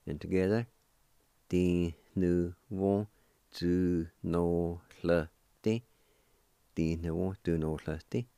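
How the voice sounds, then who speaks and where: A man's voice: low voice, gravelly, a little mellow, dry recording. A man hosting a radio language lesson, patiently spelling out words letter by letter and repeating their pronunciation. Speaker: radio language teacher and host.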